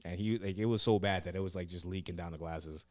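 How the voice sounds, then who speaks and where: A man's voice: deep voice, steady tone, quick pace, crowd noise. A young man, a comedian and former recruit, telling rambling stories in a casual interview, full of "like" and cursing. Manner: rambling, profane, heavy on "like" and "yeah". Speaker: comedian and former Marine recruit, podcast guest.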